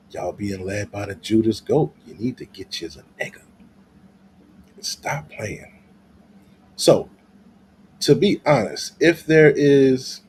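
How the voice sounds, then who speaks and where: A man's voice: mid-range voice, warm tone, slight background noise. A man giving loose, profane commentary in a vlog, laughing often as he rants. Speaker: vlogger.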